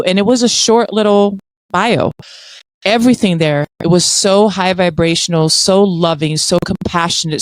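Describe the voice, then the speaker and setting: A woman hosting a podcast, praising her guest warmly and at length. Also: deep voice, no echo, poor audio. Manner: effusive, gushing praise. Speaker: podcast host. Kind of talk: casual interview talk.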